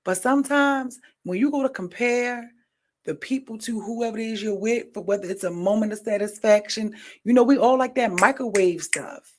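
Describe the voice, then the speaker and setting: A woman podcast host in casual commentary, animated and preachy, rambling with slang. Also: on the high side, moderate pace.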